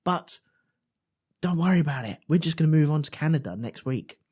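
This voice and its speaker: Lively, sweary podcast co-host. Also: male voice, fairly high pitch, brisk, husky. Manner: animated, sweary ranting. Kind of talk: casual chat.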